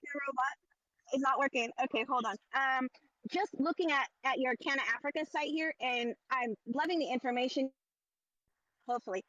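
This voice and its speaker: Woman caller on a bad phone line from a car, bright, slow, hesitant; dull audio with faint music behind. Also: sits high, no room sound. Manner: hesitant, many ums, apologetic. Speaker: caller joining the room. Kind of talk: casual chat on a live audio room.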